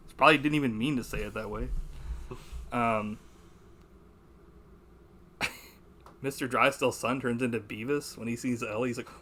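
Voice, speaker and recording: A man's voice: medium pitch, fairly even intonation, normal speed, long pauses, sharp tone, a little hiss or hum. A young man hosting a podcast, chatting casually about a movie, rambling, swearing and laughing as he quotes lines. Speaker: podcast host.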